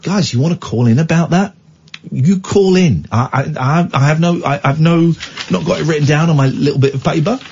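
A man's voice: fairly high pitch, brisk, vocal fry, a little hiss or hum. A radio phone-in host, a man, telling a story in casual talk-radio style and acting out the people in it. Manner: lively storyteller who acts out the people in his stories. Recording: dull lo-fi radio broadcast.

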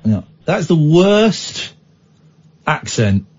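Husky, teasing man hosting late-night radio. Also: fairly high pitch, big pitch swings, very slow, a little mellow. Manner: playful, teasing, mock-outraged. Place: radio studio. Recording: muffled radio broadcast.

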